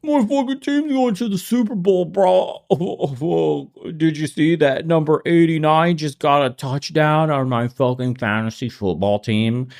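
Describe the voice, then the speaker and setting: A man putting on a brash football-fan bro, high-pitched, whiny, profane, yelling. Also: measured pace, gravelly, few pauses. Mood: rowdy whining. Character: loud brash male football-fan bro, young adult.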